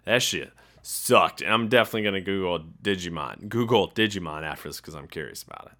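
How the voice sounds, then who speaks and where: A man's voice: low-pitched, lively intonation, quick pace, pushed and bright. A young man hosting a casual solo podcast, rambling and laughing at himself as he talks. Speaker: podcast host.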